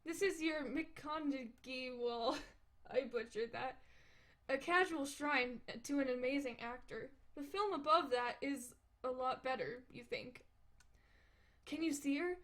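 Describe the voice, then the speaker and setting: Giggly high-voiced woman reading aloud. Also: measured pace, a bit bright. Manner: giggly, often breaks off to laugh and comment. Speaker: reader of a webcomic on stream. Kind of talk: casual read-aloud with asides. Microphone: desk microphone.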